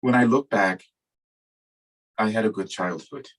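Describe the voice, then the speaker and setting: Husky older man giving a dharma talk. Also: lowish voice, measured pace, low-quality recording. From New York. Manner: reflective, storytelling, gentle humor. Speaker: Buddhist teacher.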